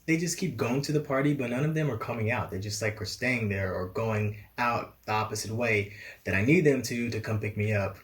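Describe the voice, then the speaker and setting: A young man telling a travel story in an animated storytime style, laughing now and then and acting out the dialogue. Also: mid-range voice. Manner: animated, laughs often, acts out quoted dialogue. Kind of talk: storytime vlog.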